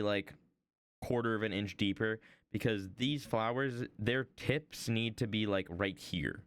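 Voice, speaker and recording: A man's voice: on the low side, fairly bright tone, clean tone. A young man streaming while he works on an art piece, rambling casually and playfully as if half talking to himself. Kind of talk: casual chat while working.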